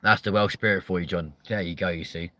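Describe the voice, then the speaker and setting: A man, hosting a live chat show with loud, sweary, joking banter. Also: deep voice, steady tone, quick pace, dry recording. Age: 30s.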